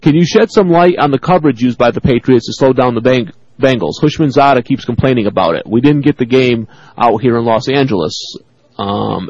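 A man's voice: medium pitch, a little mellow, slightly rough, no room sound. Guy on sports radio reading emails, laughs a lot, kinda muffled dry sound. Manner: laughs often, reads emails aloud. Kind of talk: casual sports talk, reading listener emails.

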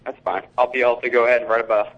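A young man calling into a radio show from a school hallway over the phone, rambling and halting as he talks football. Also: mid-range voice, fairly even intonation. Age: young adult. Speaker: caller. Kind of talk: casual call-in chat. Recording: dull lo-fi phone line.

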